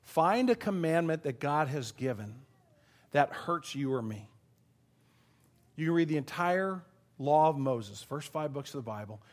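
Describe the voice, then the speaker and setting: A man's voice: a little high, big pitch swings, measured pace. Earnest emotional man preaching. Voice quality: voice goes thin and quiet when choked up. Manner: earnest, emotional, given to laughing and choking up. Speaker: pastor. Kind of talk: sermon.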